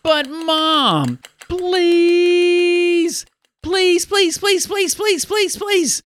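An excited young girl begs and pleads in a very high voice that bounces between notes, as a man puts her on. She is part of a story told in a children's Bible podcast. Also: drawn-out words, dry recording, studio quality, full character voice. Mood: pleading. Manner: eager, begging.

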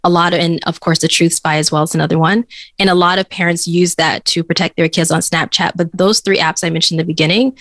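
A woman's voice: lowish voice, level tone, fast talker, fairly bright tone, no echo. A woman, a cyber security expert, answering interview questions in an earnest, explanatory way with easy laughs.

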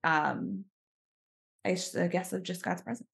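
A woman's voice: lowish voice, sing-song, measured pace, vocal fry, fairly bright tone. A woman, chatting as a podcast guest and using lots of fillers. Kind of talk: casual chat.

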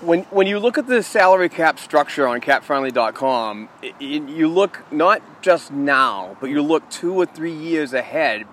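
A man with a higher, slightly bright voice and lively intonation co-hosts a casual hockey talk show, confidently and emphatically laying out his analysis at a moderate pace with hardly any pauses. There's slight background noise.

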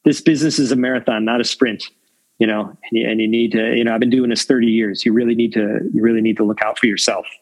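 A man's voice: medium pitch, fairly even intonation, quick pace, low-quality recording. A man in his fifties, a longtime film crew veteran, giving candid, reflective interview answers full of fillers. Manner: reflective, rambling with many fillers.

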